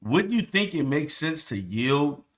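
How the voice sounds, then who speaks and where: High, lively man mocking between laughs. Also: a little slow. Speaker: commentator reacting to clips. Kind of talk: profane reaction commentary.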